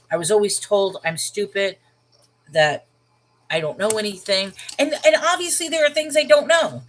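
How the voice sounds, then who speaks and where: A woman's voice: mid-range voice, a bit bright, a little hiss or hum, rough recording. A woman hosting her channel in casual chat, rambling and breaking off mid-sentence with frequent laughs. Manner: rambling, self-interrupting, often laughing. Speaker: channel host.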